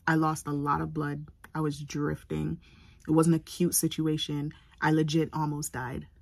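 A young woman talks straight to her audience in a low voice with a gravelly edge. Her telling is candid and emotional, pausing and restarting as she goes. The sound is close and dry, with no room around it. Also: no echo. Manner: candid, emotional, halting recounting. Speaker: vlogger. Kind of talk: personal storytelling to camera.

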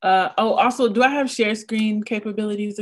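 A woman poet giving a craft talk over a video call, reading a prepared lecture in a measured, rhythmic cadence and sounding a little nervous. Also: mid-range voice.

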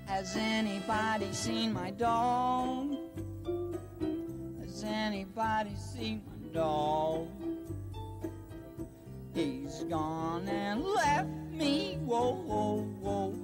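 A woman's voice: medium pitch, lively intonation, very slow, long pauses, loud music behind the voice. A woman playing a heartbroken dog owner who croons and wails in a comic sung number. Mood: mournful.

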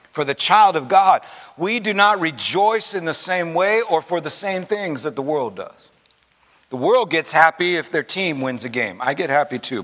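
A man's voice: fairly high pitch, fairly bright tone, in a large hall. A middle-aged man preaching a sermon, using repetition, humorous asides and rising fervor. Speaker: pastor. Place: large church sanctuary.

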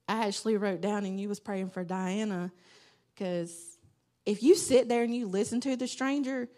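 An earnest woman speaks to a congregation in an informal, rambling way, often quoting her own prayers. She is close to tears, and her voice sits at an ordinary middle pitch. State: holding back tears. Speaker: church member giving testimony. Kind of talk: informal church testimony.

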